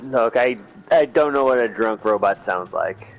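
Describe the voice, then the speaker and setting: A man's voice: medium pitch, animated, normal speed. A man chatting casually while voicing a game scene, blunt and swearing. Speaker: gamer voicing scenes on a stream. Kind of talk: casual chat. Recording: dull lo-fi stream audio.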